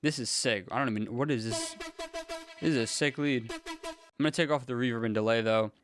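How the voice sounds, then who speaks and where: Young man, music producer, relaxed slangy thinking aloud, middle pitch, quiet synths under the voice. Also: fairly quick. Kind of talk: casual production tutorial. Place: home music studio. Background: faint synth music playing.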